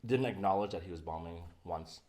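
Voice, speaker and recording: A man's voice: deep voice, a little fast, a little mellow. A man hosting a podcast, telling a story in casual chat and often laughing as he goes. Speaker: podcast host.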